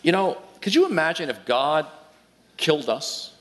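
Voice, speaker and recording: A man preaching a sermon as pastor, telling a story in an animated way with frequent restarts. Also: fairly high pitch, normal speed. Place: large church hall. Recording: long hall reverb.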